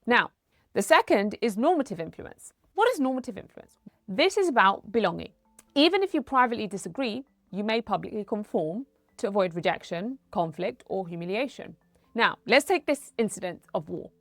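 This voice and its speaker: A woman's voice: medium pitch, expressive, brisk, no room sound, soft background music. A woman in her thirties, a doctor hosting an educational talk, explaining in a conversational way with personal anecdotes. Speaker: doctor and host.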